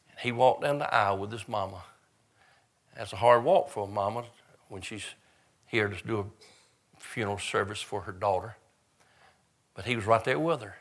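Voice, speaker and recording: An older pastor preaches at a funeral. His somewhat low voice swells up in bursts, then drops back to hushed, gentle lines. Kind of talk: funeral sermon.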